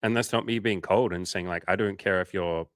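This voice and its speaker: Man, low-pitched, dry close sound, blunt casual livestream coaching. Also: steady tone, fairly quick, dry recording. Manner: blunt, casual, swears, acts out quotes in higher voices.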